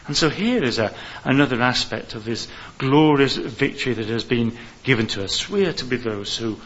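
A man's voice: mid-range voice, expressive, normal speed, a bit bright. A man preaching an evangelistic sermon in an earnest way, building to fervent appeals. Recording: dull hissy recording.

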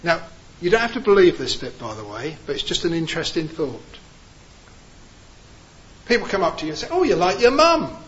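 A man preaching a sermon, rising to emphatic peaks and then dropping low and slow. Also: sing-song, fairly bright tone, dull audio, slight background noise.

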